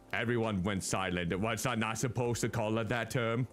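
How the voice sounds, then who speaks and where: A man's voice: lowish voice, fairly even intonation, moderate pace, hardly any pauses, faint music behind. A man hosting a game stream in casual chat, playful, sometimes babbling mock game dialogue. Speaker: streamer host.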